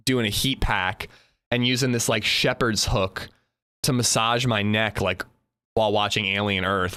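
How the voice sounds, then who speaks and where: Chatty, lively male game streamer. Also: mid-range voice. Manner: chatty, greets chat by name, jokey. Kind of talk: casual livestream chat.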